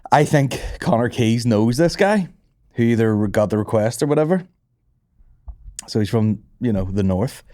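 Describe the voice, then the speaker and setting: A man's voice: medium pitch, animated, mellow. Sweary man, rambling. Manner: sweary, rambling, quick to laugh. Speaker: podcast host. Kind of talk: casual comedy chat.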